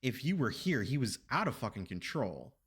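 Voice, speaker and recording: A man's voice: medium pitch, big pitch swings, moderate pace, a bit bright, breathy edge. A man streaming games, telling a story casually with rambling, profane asides to his chat.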